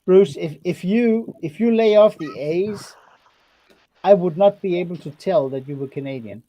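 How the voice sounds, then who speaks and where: A man's voice: sits high, normal speed, warm tone, rough recording. A man in a casual group chat over a video call, stammering and repeating words as he starts a point. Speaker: chat participant.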